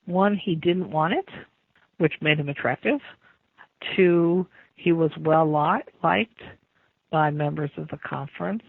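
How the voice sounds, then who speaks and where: A man's voice: a little high, vocal fry, no room sound. A man in an interview laying out his points one by one, heard over a tinny line. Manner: methodical, lists points in order. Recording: dry, tinny phone-like line.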